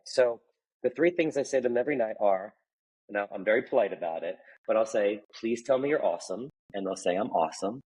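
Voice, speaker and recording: Fast-talking, husky-voiced earnest man. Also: fairly low pitch, darkish tone, low-quality recording. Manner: earnest, emphatic, openly emotional. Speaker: guest, personal trainer and author. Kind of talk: candid conversational interview.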